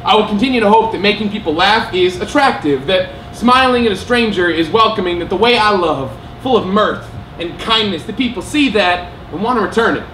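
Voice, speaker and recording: A man performing spoken word poetry on stage and telling stories between pieces, emphatic and self-mocking, quick to laugh. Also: high-pitched, animated, a bit bright, distant mic, a little hiss or hum. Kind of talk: live slam poetry and stage storytelling. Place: theater stage with audience. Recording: roomy live venue sound.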